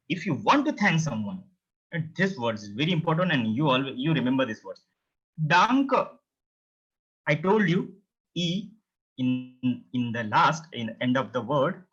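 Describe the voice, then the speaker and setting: A man's voice: medium pitch, a bit bright, husky. A man teaching a beginner language lesson, patiently repeating each word many times and explaining pronunciation step by step. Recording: dull lo-fi recording.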